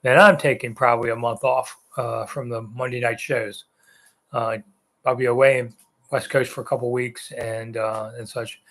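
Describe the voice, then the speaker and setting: A man's voice: medium pitch, little pitch movement, moderate pace, a bit bright. A man in his sixties hosting a live sports chat, answering viewer comments in a loose, rambling way. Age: 60s. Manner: rambling, conversational, with frequent ums and uhs. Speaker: sports talk host.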